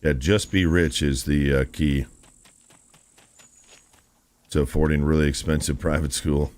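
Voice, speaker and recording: A man's voice: a bass voice, fairly even intonation, unhurried, darkish tone. A man streaming a video game, chatting casually and musing aloud to his viewers, often calling them "dude". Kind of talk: casual live-stream gameplay chat.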